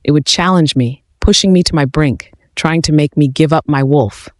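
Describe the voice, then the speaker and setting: A man reading a first-person fantasy story aloud in an even, steady narration. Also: on the high side, normal speed, no room sound, studio quality.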